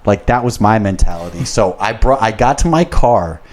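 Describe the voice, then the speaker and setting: A man's voice: fairly low pitch, expressive, normal speed, hardly any pauses, darkish tone. Profane, rambling young man telling stories. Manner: profane and rambling, gets worked up. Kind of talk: casual storytelling.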